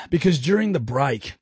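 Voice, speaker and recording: Husky, lively Australian radio host. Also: male voice, on the high side, unhurried, dry recording, clean studio sound. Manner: playful, laughs often, teasing. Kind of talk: joking radio banter. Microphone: studio microphone.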